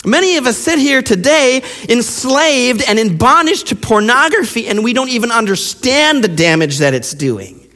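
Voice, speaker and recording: A man preaching a sermon in a high, lively voice that swings widely between peaks and quiet drops. His impassioned delivery is full of rhetorical questions, and a long hall reverb trails each phrase. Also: moderate pace. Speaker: pastor.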